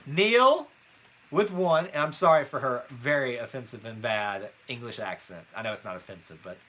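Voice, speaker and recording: A man's voice: mid-range voice, expressive, normal speed, bright, forceful tone. A man co-hosting a live trivia night, reading out scores and teasing his co-host in a casual chat.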